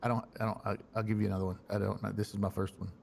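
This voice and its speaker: Gravelly low man with a Southern drawl. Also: level tone, darkish tone, slight background noise. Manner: measured, deliberate delivery. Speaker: defense attorney in role-play. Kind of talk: role-play courtroom speech and casual chat.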